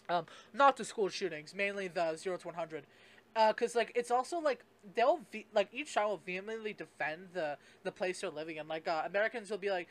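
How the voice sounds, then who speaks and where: Fairly quick and high-pitched, this young Canadian podcast host rants casually on his own show. His talk wanders, peppered with swearing, fillers, and sentences he starts over as he thinks aloud.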